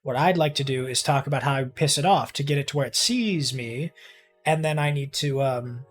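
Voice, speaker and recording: A young man chatting casually while streaming a game, rambling, swearing freely and getting excited easily. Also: medium pitch, moderate pace, soft background music. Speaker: livestreamer. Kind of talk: casual live-stream chat while gaming.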